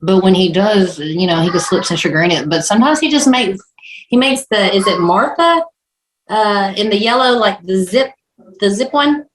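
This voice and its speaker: A woman's voice: mid-range voice, moderate pace. A woman with a heavy Southern accent, co-hosting a podcast and telling stories between frequent laughs. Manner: laughs often, chatty storyteller. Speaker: podcast co-host. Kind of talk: casual chat. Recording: roomy echo.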